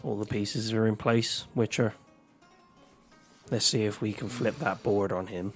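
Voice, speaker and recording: A man's voice: fairly low pitch, steady tone, measured pace, soft background music. A man playing a tabletop role-playing game, speaking tersely in character. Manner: terse, answering with short "aye"s. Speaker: player.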